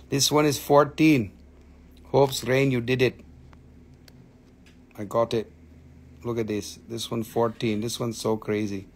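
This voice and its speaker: A man hosting a live rock and mineral sale, chatting casually, joking, swearing and laughing often while slipping into funny accents. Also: mid-range voice. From Appalachian Valley, United States. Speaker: host selling rocks and minerals on a live stream. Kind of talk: casual live-stream sales chat.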